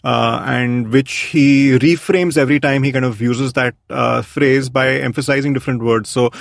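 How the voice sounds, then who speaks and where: A man's voice: mid-range voice, fairly even intonation, normal speed, gravelly, dry recording. A man, an architect being interviewed, speaking reflectively with many fillers and restarts. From India. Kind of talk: thoughtful conversational interview.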